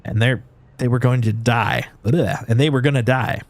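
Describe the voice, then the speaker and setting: A man's voice: mid-range voice, moderate pace, lightly acted. A man voicing a shaky, desperate man who pleads and justifies himself in a video game. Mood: pleading.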